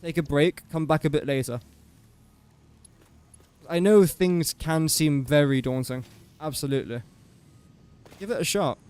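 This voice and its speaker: A man's voice: on the high side, a little slow, pauses often, a little mellow, clear, resonant tone. A young man casually commentating his gameplay on a livestream, chatty and joking at his own expense. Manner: chatty, self-mocking, joking asides. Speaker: gaming livestreamer.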